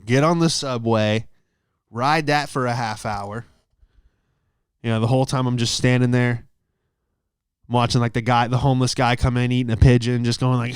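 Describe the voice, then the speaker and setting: A man's voice: medium pitch, clean tone, no echo, studio quality. A young adult man, a comedian hosting his own show, telling a long profane story alone in a small closet. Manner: profane, loose, laughs mid-story. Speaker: comedian podcast host. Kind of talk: rambling solo storytelling. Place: small closet, dry sound.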